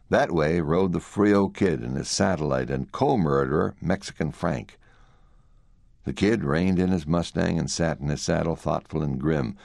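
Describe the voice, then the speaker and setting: Deep gravelly man narrating. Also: a little mellow, dry recording, studio quality. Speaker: audiobook narrator. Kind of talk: scripted narration.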